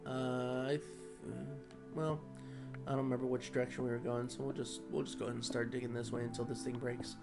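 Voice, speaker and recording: A man chatting casually over his gameplay, rambling and easygoing with many pauses. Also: mid-range voice, flat delivery, gravelly, over music. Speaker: gaming vlogger.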